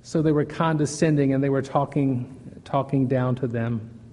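A man preaching a sermon to his church, earnest, moving from loud emphasis to soft pleading. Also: mid-range voice, fairly even intonation, moderate pace, long reverb tail. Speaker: pastor.

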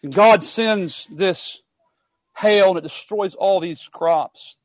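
A man preaching a sermon, earnest and emphatic, building up then dropping to quiet asides. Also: high voice, takes it slowly, no echo.

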